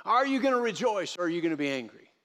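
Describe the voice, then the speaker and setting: A pastor with a high, light voice preaches a sermon at a church service. He is animated and acts out the voices of the people he quotes, and he repeats key phrases to drive them home. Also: fast talker.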